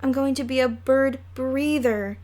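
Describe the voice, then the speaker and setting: A woman's voice: sits high, expressive, a little slow, fairly bright tone. A woman voicing a mischievous little boy, talking in a playful, teasing way.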